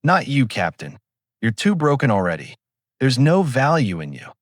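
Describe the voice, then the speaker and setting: A man voicing a calm, commanding, cruel spirit in the fog that knows too much. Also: mid-range voice, normal speed, no echo, clean studio sound.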